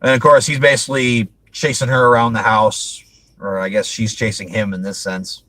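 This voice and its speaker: A man's voice: lowish voice, level tone, normal speed, fairly bright tone, no echo, low-quality recording. Guy hosting a chill movie review, rambly, keeps laughing, dry close mic. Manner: rambling, laughs often, frequent restarts. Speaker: host. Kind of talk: casual movie review chat.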